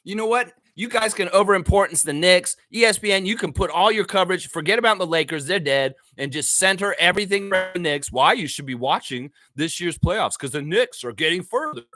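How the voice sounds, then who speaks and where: High, bright man ranting. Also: expressive, a little fast, few pauses, a little hiss or hum. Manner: heated, profane, ranting, often shouting. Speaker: sports show host. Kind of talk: casual fan rant.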